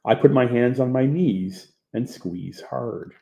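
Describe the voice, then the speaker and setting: A man narrating his own memoir as an audiobook in a plain, low-key manner. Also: takes it slowly, vocal fry, warm tone. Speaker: author reading his own book.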